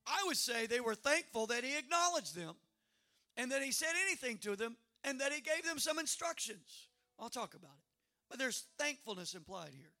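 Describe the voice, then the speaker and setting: A male pastor preaching with a high, gravelly voice. His tone is bright and edged, and he leans hard on key words, building to loud, emphatic calls. It sounds like a sermon delivered to a congregation. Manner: emphatic preaching with repetitions, rising to loud exclamations.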